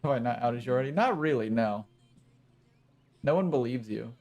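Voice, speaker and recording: A man's voice: medium pitch, animated, moderate pace, a little mellow. Rambling joking male game streamer. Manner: rambling, joking, self-mocking. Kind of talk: casual gaming commentary.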